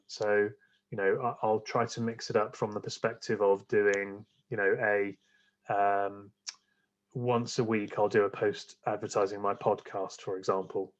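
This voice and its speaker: A man's voice: on the low side, dull audio. A man, a guest on a podcast, chatting casually and rambling with many fillers and restarts. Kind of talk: casual interview chat.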